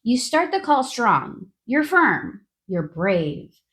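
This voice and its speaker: A woman's voice: fairly high pitch, very animated, slow, a bit bright. A woman hosting a nurses' podcast, giving a sarcastic, exasperated comedic monologue.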